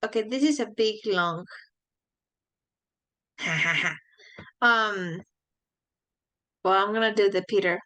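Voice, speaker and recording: A woman's voice: medium pitch, slow pace, pauses often, sharp tone. A woman teaching an online English class, friendly, asking her students the same questions again and again.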